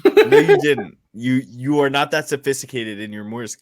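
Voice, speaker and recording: A man's voice: medium pitch, wildly swooping pitch, moderate pace. A man co-hosting a casual podcast, rambling with many fillers and giggling. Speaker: podcast co-host.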